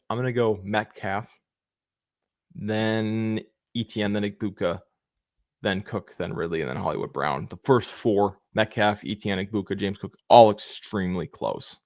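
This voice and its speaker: A young man hosting a casual live Q&A, reading viewer questions aloud, answering them quickly and thanking people by name. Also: fairly low pitch, dry recording, clean studio sound. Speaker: fantasy football livestream host.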